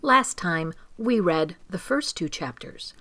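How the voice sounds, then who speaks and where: An older woman reading a children's story aloud, gentle and expressive. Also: lowish voice, slow, no room sound, rough recording. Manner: gentle, expressive, clearly paced.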